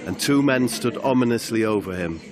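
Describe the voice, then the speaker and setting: A man narrating an improvised comic crime story in a mock-dramatic, deadpan way. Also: medium pitch, fairly quick, a crowd in the background. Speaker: comedy podcast narrator.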